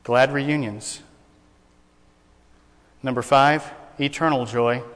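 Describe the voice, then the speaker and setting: A man's voice: mid-range voice, steady tone, takes it slowly, fairly bright tone, long reverb tail. A man preaching a sermon to a congregation, folksy and joking, telling jokes as he goes. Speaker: pastor. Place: church sanctuary.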